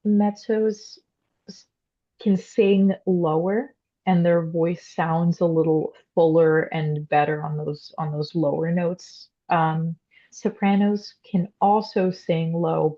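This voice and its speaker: A woman's voice: fairly low pitch, dark tone, lo-fi sound. A young woman, a classically trained soprano, explaining voice types in a casual interview with frequent "um" and "like". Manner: explanatory, many "um" and "like" fillers.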